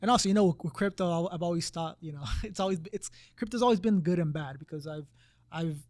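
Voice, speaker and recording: A man co-hosting a casual podcast, talking in a rambling, halting way with many restarts. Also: high-pitched, darkish tone, no room sound, studio quality. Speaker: podcast co-host. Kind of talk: casual conversation.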